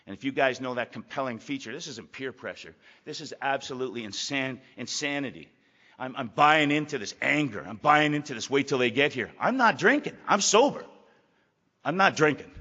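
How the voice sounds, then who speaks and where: An older man giving a blunt, emphatic personal testimony to a recovery meeting, gruff and profane, repeating phrases for weight. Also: mid-range voice, lively intonation, moderate pace, sharp tone. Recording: echoey hall, dull lo-fi sound.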